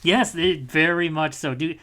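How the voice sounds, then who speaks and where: A man co-hosting a casual gaming podcast, rambling and swearing, dropping into quick mocking character voices. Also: fairly high pitch, sharp tone, slight background noise. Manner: rambling, profane, mimics characters in quick asides. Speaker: podcast co-host.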